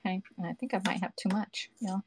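Background noise accompanies a fast-talking woman with a medium-pitched voice. She hosts a live cooking stream in her home kitchen, chatting with her audience, reading their comments aloud, and using "y'all" and "okay".

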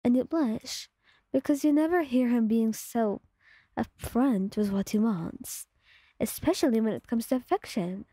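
A woman with a breathy voice telling a calm second-person story in soft ASMR narration, close to the mic. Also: fairly high pitch, unhurried, no echo.

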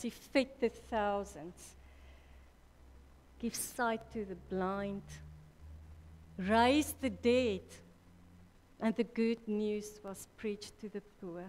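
A woman preaching a sermon at a church women's conference, slow and deliberate, correcting herself mid-sentence. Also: medium pitch. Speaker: conference speaker. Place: church hall. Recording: reverberant church hall.

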